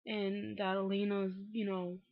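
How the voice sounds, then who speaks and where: A woman's voice: medium pitch, flat delivery, measured pace, gravelly, no room sound. A woman recapping a TV episode in a casual vlog, frank and exasperated, swearing freely and filling with "like" and "um". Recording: dull, dry home recording.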